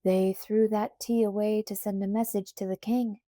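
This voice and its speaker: A woman reading the part of a stern, steady father and shopkeeper in a firm, measured way. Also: medium pitch, no echo, clean studio sound, close to an everyday voice.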